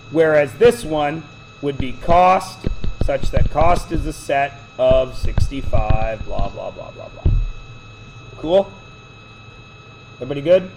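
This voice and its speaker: A man teaches math to a class, wandering into chatty, joking side stories and digressions. His voice is slightly high and somewhat mellow, and the poor recording carries a faint hiss or hum.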